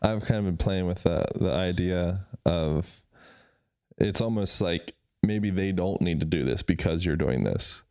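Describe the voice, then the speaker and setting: A man's voice: low voice, unhurried, a little mellow, no echo, studio quality. A man hosting a podcast, thinking aloud in a reflective, musing way. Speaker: podcast host. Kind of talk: casual interview conversation.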